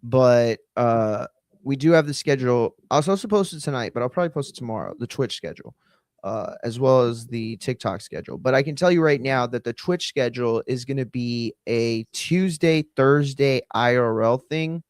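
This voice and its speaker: A man hosting a live stream, chatting loosely and giving offhand shout-outs to viewers. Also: mid-range voice, moderate pace, smooth, dry recording, studio quality. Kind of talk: casual live-stream chat.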